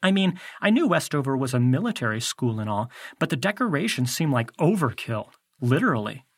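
A man's voice: medium pitch, very animated, a little fast, no room sound, clean studio sound. A man narrating a first-person audiobook in a wry, conversational way.

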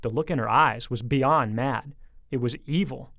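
A man narrating an audiobook with lively, expressive storytelling. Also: mid-range voice, moderate pace, no room sound, clean studio sound. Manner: lively storytelling, speeding up in tense moments.

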